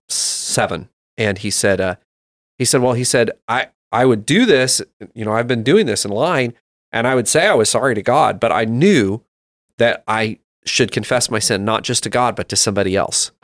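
A man's voice: medium pitch, dry recording, clean studio sound. A man in his thirties, a father, telling a personal story in a reflective way during a casual faith conversation. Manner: reflective storytelling, with frequent restarts.

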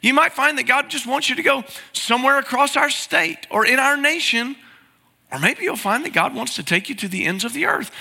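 Bright-voiced pastor preaching in hall. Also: male voice, very high voice, expressive, brisk, gravelly, breathy edge. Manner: earnest, pleading preaching. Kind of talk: sermon. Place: large church sanctuary. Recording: reverberant sanctuary sound.

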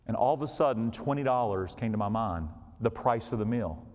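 A middle-aged man preaching a sermon as a story, swinging from hushed, low passages to loud, excited ones. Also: fairly quick. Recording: long reverb of a large hall.

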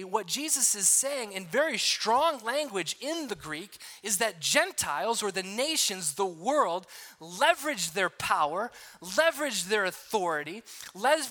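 A man's voice: sits high, bright, forceful tone. A man preaching a sermon, explaining a passage word by word with frequent restarts and asides. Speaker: pastor.

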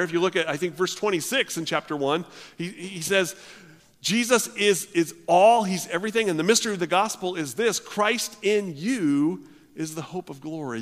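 A male pastor preaching a sermon, often restarting his words, his voice swelling loud and then dropping low. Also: big-room sound. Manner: stammering restarts, swells and drops in volume.

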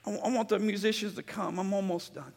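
A man pastor preaching an emphatic sermon, repeating phrases and rising to shouts, in a church sanctuary. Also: high voice, a little fast, gravelly. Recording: long church reverb.

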